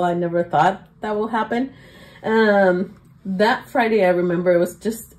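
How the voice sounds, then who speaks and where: A young adult woman, a teacher, telling stories as a podcast guest in an excited way, with many fillers and laughs. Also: medium pitch, low-quality recording. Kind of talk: casual interview storytelling.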